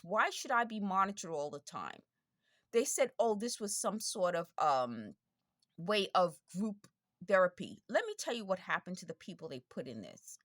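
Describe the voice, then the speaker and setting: A woman from the United States, a video blogger, talks straight to camera in a casual monologue, insistently repeating her points. Her mid-range voice has a fairly bright tone and sounds strained from talking over noise, though there is no room sound.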